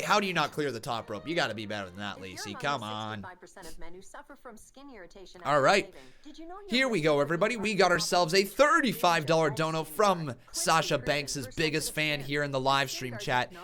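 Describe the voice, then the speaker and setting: A man hosting a live wrestling reaction stream, calling the action like an excitable commentator and chatting with viewers. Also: fairly high pitch, moderate pace.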